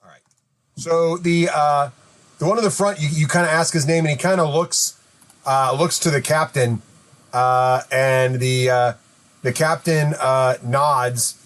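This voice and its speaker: A man's voice: medium pitch, steady tone, a little slow, a bit bright. A man running a tabletop game as dungeon master, talking casually with many hesitant fillers.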